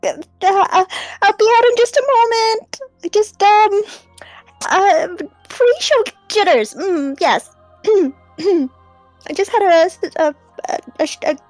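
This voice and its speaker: A woman voicing an overwrought young woman in a tabletop game, sobbing and blurting out rapid, high outbursts. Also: no room sound, faint music behind, poor audio. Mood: flustered.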